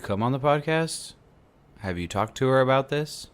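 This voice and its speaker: A man's voice: medium pitch, animated, moderate pace. A man hosting a casual podcast chat, joking and rambling with many restarts. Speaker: podcast host.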